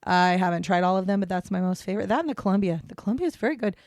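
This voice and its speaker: A woman's voice: medium pitch, animated, rapid-fire, a little mellow, no echo, studio quality. A woman co-hosting a casual true-crime podcast, rambling and self-deprecating, breaking into giggles as she talks. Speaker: podcast co-host.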